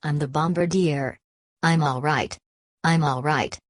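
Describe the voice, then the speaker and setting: A woman's voice: low-pitched, measured pace, no echo, clean studio sound. A woman voicing a terrified young male bombardier who cries out in repeated panicked bursts.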